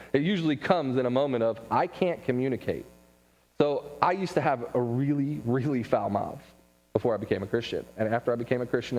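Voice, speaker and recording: A man giving a casual church class talk, telling stories with quick asides and laughs. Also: mid-range voice, darkish tone. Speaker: Bible class teacher. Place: church room. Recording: long hall reverb.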